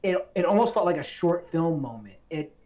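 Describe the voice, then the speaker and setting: A woman's voice: lowish voice, lively intonation, moderate pace, dark tone. A woman from Atlanta, hosting a casual film discussion podcast in a playful, chatty way. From Atlanta, Georgia. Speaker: podcast host.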